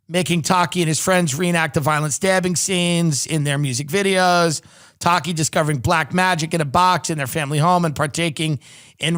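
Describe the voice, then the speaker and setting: A man hosting a podcast, rambling through sardonic comedic commentary with halting restarts. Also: on the high side, fairly bright tone. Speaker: podcast host.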